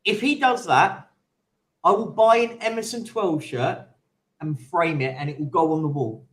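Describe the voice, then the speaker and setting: A man's voice: on the high side, normal speed. A man hosting a casual football fan stream, teasing and laughing with his co-host. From Italian roots. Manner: teasing, banters and laughs often. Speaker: channel host.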